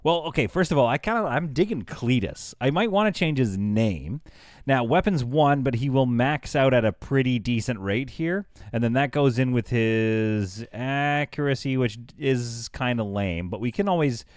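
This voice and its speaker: A man livestreaming a game, chatting casually with his audience, animated and quick to laugh. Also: medium pitch, dry recording, studio quality. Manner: chatty, talks to chat. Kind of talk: casual live game commentary.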